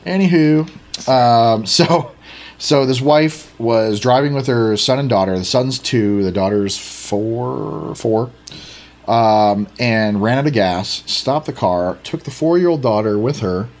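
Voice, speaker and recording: A man's voice: medium pitch, takes it slowly, a little mellow. A man co-hosting a casual podcast, rambling and joking at his own expense. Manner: rambling, self-deprecating, many restarts. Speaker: podcast co-host.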